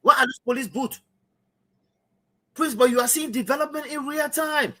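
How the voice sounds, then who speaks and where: A man's voice: very high-pitched, normal speed, a bit bright. Liberian-accented male host, impassioned commentary, keeps hammering his points. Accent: Liberian English. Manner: emphatic, repetitive, addresses co-host as brother. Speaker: talk show host. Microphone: streaming setup.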